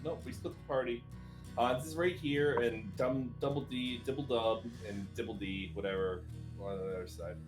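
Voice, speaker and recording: A man's voice: mid-range voice, normal speed, echoey room. A man clowns around during a tabletop session, blunt and profane. His voice sits in an ordinary middle range. Faint music runs underneath. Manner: joking, brash, swears freely. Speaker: player. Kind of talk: casual tabletop game chat.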